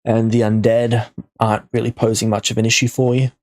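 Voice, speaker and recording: A man narrating a tabletop game as game master over a voice call mic, giving calm, matter-of-fact rulings. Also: medium pitch, a little fast, dry recording, studio quality.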